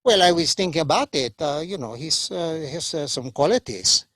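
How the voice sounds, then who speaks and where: A man voicing his dead older Filipino father, reborn as a moth, who talks eagerly and loudly and stumbles over his words. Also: a little high, expressive, moderate pace, no echo. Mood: eager chatty.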